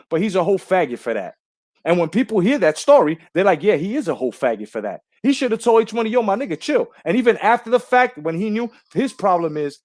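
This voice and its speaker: A man's voice: high-pitched, a little mellow, no echo. A man telling a story in a heated, indignant and profane way, as a commentator on a boxing channel. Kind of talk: casual ranting monologue.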